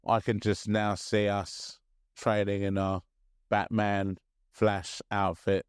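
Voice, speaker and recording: A man in his thirties co-hosting a podcast in casual chat, chatty and quick to laugh. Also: lowish voice, flat delivery, clean tone, no echo, clean studio sound. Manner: chatty, laughs often, restarts sentences. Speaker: podcast co-host.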